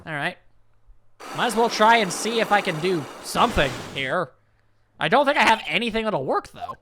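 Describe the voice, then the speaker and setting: A man's voice: high voice, animated, normal speed. A man casually commenting on a game he is playing, with joking, rambling asides. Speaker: let's play host. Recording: game music underneath.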